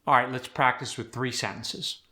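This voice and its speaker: A man teaching an accent tutorial in a clear, demonstrative and encouraging way. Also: medium pitch, fairly even intonation, moderate pace, sharp tone. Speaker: accent coach.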